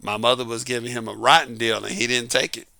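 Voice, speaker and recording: A man's voice: mid-range voice, little pitch movement, fast, gravelly, pushed and bright, dry recording. A middle-aged man talking casually about dating, emphatic and full of rhetorical questions. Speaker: dating advice talker. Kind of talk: casual monologue.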